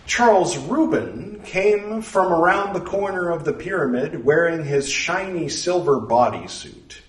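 Man reading a story aloud, expressive, echoey room, mic kinda far. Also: fairly high pitch, measured pace, hardly any pauses. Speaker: narrator. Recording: roomy, distant mic.

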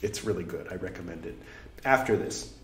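A man reads an old religious text aloud, his voice rising and falling a lot as he goes. He keeps breaking off for chatty asides and quick self-corrections. The sound has a roomy echo around it. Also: low-pitched, lively intonation, a little hiss or hum. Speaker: scripture reader and commentator. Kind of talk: reading aloud with casual commentary.

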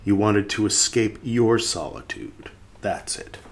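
Low-pitched man, podcast host, casual rambling commentary, restarts, near-whispered asides. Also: lively intonation, takes it slowly, vocal fry, slight background noise.

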